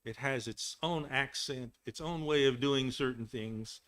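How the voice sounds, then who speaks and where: Older Texan man, bright voice. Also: medium pitch, a little slow, smooth. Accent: none, general American. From Texas, United States. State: throat trouble, clears throat. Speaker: webinar guest speaker. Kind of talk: casual lecture. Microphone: video call.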